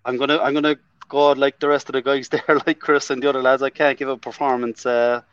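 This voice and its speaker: An Irish man on a video call, chatting in an animated way, often restarting and leaning on "like". The sound is dry and a little dull, as if from a basic mic. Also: mid-range voice, quick pace, clean tone, no echo. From Ireland. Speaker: fan guest. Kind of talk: casual chat.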